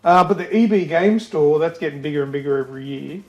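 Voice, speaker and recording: Animated man on a podcast. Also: a little high, fast, dull audio, faint music behind. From Australia. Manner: animated, acts out quoted people, swears, laughs. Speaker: podcast co-host. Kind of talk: casual chat.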